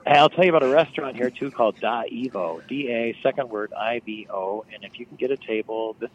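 A travel writer telling chatty, wry stories on a radio call. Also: male voice, medium pitch, brisk, lo-fi sound, slight background noise. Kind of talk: phone-in radio chat. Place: on location outdoors by phone.

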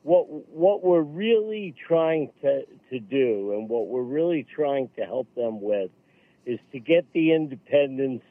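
An earnest man talks haltingly, circling back to restart his phrases. He comes through a narrow, tinny phone line with a dry sound and no room around him. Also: medium pitch, expressive, dry recording. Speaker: radio guest, veterans golf program leader. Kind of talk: phone-in radio interview.

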